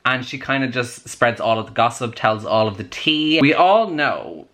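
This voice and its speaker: A young man chatting excitedly in a casual book vlog, with plenty of "like" fillers. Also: mid-range voice, moderate pace. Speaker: book vlogger. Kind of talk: casual chat.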